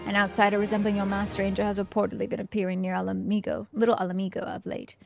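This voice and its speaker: A woman voicing a gruff, wary older male rebel mentor with a guarded, curt manner. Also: medium pitch, level tone, quick pace, music in the background, natural voice.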